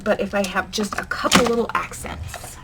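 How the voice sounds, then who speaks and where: Speaking at a moderate pace with a medium-pitched voice, a woman runs a crafting vlog in a casual, chatty way. She hums and mutters to herself as she works. The clip carries noticeable background noise.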